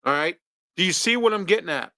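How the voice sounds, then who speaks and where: A man's voice: high voice, lively intonation, fast, sharp tone, dry recording. A man from hosting a local talk show, ranting his opinions with pointed rhetorical questions. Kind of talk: opinionated monologue.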